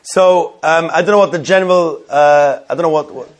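A man's voice: fairly high pitch, brisk. A man leading a Jewish law class, asking questions aloud and thinking through answers with many fillers. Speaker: Torah class teacher. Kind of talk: Talmudic-style halacha class.

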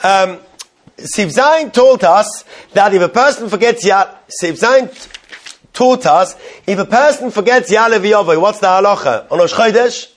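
Guy a high voice teaching halacha to a class, translating the hebrew as he goes, lots of questions to the room. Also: lively intonation, a little slow. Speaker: Torah teacher. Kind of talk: Talmudic-style halacha class.

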